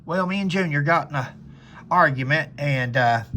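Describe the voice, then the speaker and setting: A man's voice: on the high side, moderate pace, pushed and bright, a little hiss or hum. A man voicing a young woman caught after a domestic quarrel, speaking in a raised, sheepish voice.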